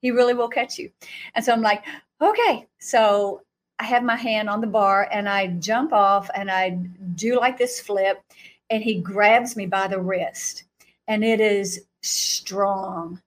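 A woman guest speaker recounts a vision through animated storytelling, acting out quotes and laughing often. Her pitch is medium and she takes it slowly.

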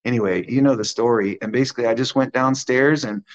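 A man giving a conversational testimony as a guest minister, animated and acting out the quotes of the people in his story. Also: medium pitch, fast, highs cut off.

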